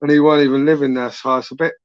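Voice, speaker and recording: A man's voice: mid-range voice, fairly even intonation, rapid-fire, no echo, muffled recording. A man, hosting his channel in a casual live chat, rambling and swearing with lots of tag questions. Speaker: YouTube channel host.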